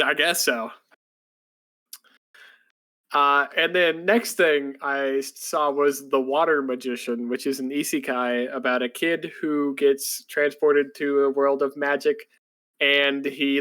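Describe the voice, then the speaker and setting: A man's voice: mid-range voice, a bit bright. A man co-hosting a podcast, recapping shows in a loose, rambling casual chat full of fillers and restarts. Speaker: podcast co-host.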